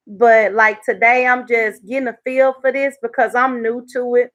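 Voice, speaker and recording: A woman talks casually to her viewers on a live stream. Her voice sits fairly high, and she laughs often between thoughts. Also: flat delivery, moderate pace, fairly bright tone. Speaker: YouTube live host.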